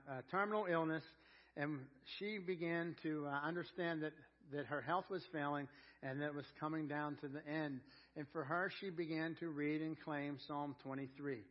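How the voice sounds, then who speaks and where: A man preaching an earnest sermon, sinking to a hushed low voice and rising loud on key words. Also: dull audio. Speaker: pastor.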